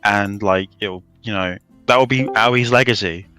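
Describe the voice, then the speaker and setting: A man's voice: on the low side, moderate pace, pushed and bright, faint music behind. A man joining a stream over a voice call, chatting casually in a wry, playful storytelling manner. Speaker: guest on a call. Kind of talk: casual chat.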